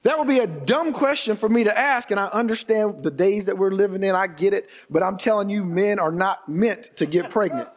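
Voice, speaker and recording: A man's voice: high voice, fairly quick, few pauses. A man preaching a sermon as pastor, stretching key words and building to emphatic bursts.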